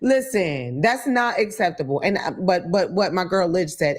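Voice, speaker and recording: Female host, low register; blunt, profane, animated storyteller. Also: moderate pace. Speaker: talk show host. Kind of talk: casual comedic monologue.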